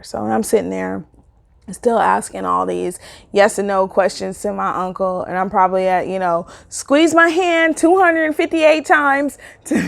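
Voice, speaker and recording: A woman telling a personal story in a casual vlog, acting out what people said with big jumps in her voice and frequent laughter. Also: vocal fry. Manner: animated, acts out quotes with big pitch jumps, laughs often.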